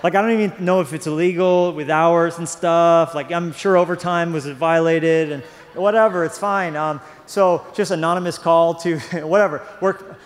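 Male pastor, young adult, slightly high voice; rambling storyteller who builds to fervent preaching; big reverberant hall. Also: steady tone, moderate pace. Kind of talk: sermon with personal story.

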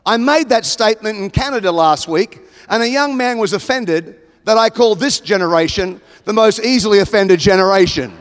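Australian guy preaching, really high voice, emphatic, big hall echo. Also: normal speed, hardly any pauses. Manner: emphatic, builds to loud exclamations. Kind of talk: sermon. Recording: long hall reverb.

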